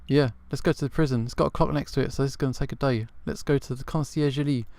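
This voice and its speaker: A man's voice: mid-range voice, fairly even intonation, racing, creaky, darkish tone, no echo. A man casually commenting on a game as he plays, chatty and thinking aloud. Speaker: game streamer. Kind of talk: casual let's-play commentary. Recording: faint game music behind.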